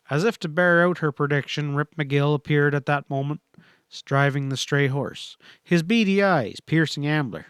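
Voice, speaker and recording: A man narrates a western audiobook with a steady, measured delivery. His voice sits a little high for a man. It is recorded close and dry, with no room sound. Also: smooth, no room sound.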